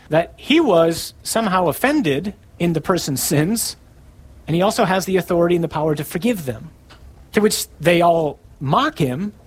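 A man preaching a sermon, reading scripture aloud slowly and with emphasis, his voice a little husky. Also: on the high side. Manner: animated, quotes scripture in a slow emphatic voice.

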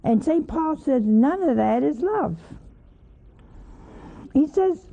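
A religious teacher gives an informal sermon in a folksy, questioning style, often tossing questions to listeners and adding chuckling asides. Her high-pitched, gravelly voice is animated yet slow and unhurried. The audio sounds thin and tinny, like an old phone-line recording.

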